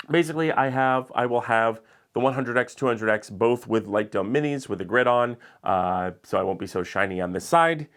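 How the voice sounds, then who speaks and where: A man casually walking viewers through his studio lighting and gear, chatty and explanatory with frequent filler words. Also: lowish voice. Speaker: YouTube creator showing his studio. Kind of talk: casual studio tour walkthrough.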